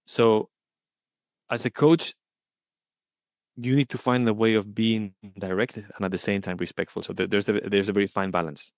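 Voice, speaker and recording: A man speaking as the guest in an interview, earnest and thoughtful, often pausing to search for his words. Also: fairly low pitch, fairly even intonation, no echo, clean studio sound. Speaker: guest coaching supervisor. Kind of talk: reflective interview talk.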